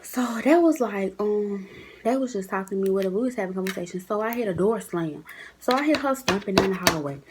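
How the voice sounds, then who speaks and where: A woman's voice: mid-range voice, fairly quick, background noise. Chatty young woman telling a story. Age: young adult. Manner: chatty, animated, acts out quotes in shifting voices. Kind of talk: casual storytime vlog.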